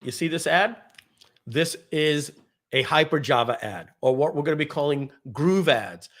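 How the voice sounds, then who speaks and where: A man hosting a live software webinar, giving an energetic, salesy screen-share demo and clearing his throat often. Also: on the high side. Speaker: webinar host, software founder.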